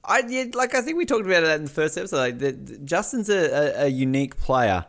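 An Australian man talking casually on a podcast, his voice swinging widely between high and low. He is animated and playful, often slipping into little acted-out quotes. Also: fast talker. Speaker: podcast host. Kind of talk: casual chat.

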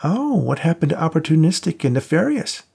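A man's voice: fairly high pitch, sing-song, a little fast, gravelly, dark tone, breathy edge, pitched above the performer's own voice, heavily acted. A man voicing a cocky, wisecracking male cop buddy in an audiobook, teasing and joking, raised above his own voice. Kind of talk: audiobook character voice.

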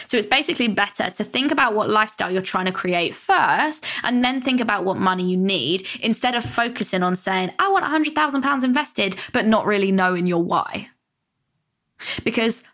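A woman's voice: medium pitch, fairly bright tone. A young British woman hosting a solo podcast, talking casually and rambling, with many fillers and self-corrections. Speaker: podcast host.

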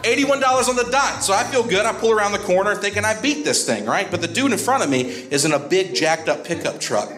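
A male stand-up comedian telling a story on a club stage, animated, with sudden jumps in his voice. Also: high voice, fast, few pauses. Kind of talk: stand-up set. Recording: echoey live club with music.

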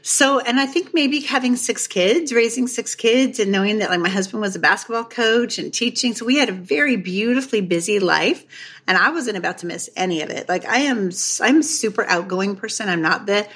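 A middle-aged woman talks as a guest author on a podcast, in a somewhat husky voice. She tells her stories with lively energy. Her pitch sits in the middle of the usual range for a woman. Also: fairly quick. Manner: animated storyteller, acts out quoted voices. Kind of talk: storytelling in a podcast interview.

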